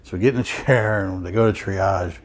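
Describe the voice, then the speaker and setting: A man's voice: deep voice, a little fast. A man casually telling a long personal story at home, rambling and wry, often breaking off and restarting. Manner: rambling, self-interrupting, wry. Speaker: vinyl collector vlogger.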